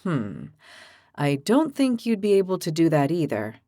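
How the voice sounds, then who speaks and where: A woman voicing a calm, philosophical young man with an ox's head, who speaks patiently and reasons things out. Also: sits low, a little slow, dry recording, studio quality, voice pushed down, heavily acted. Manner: patient, reasoning, gently teasing.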